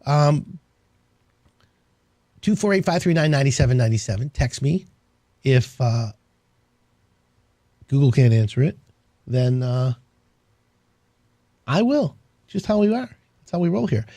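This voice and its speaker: Lively, husky-voiced male radio host. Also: medium pitch, measured pace, pauses often, no room sound. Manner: rambling, enthusiastic salesman patter. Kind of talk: casual on-air talk.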